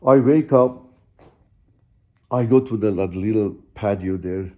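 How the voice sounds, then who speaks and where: A man's voice: fairly low pitch, a little slow, darkish tone. A man telling his own story in a rambling, heartfelt way, full of asides to the listener. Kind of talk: casual spoken storytelling.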